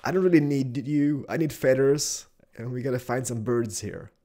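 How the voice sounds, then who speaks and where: A young man giving excitable Let's Play commentary, exclaiming and chatting to the animals he finds. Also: medium pitch, normal speed. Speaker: gaming YouTuber.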